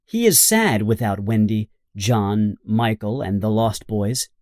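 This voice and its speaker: A man reading a children's storybook aloud in a slow, simple, expressive narration. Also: on the low side, dry recording, clean studio sound. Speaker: audiobook narrator.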